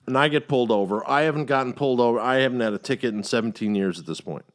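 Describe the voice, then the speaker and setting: A middle-aged man hosting a casual podcast chat, telling a long story with heavy profanity and animated outbursts. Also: mid-range voice, very fast. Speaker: podcast host.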